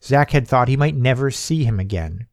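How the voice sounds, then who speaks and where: A man's voice: mid-range voice, animated, moderate pace, vocal fry, a little mellow, no echo, clean studio sound. A man reading a short story as an audiobook narrator, giving the characters' lines a lifted, livelier delivery. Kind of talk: scripted narration.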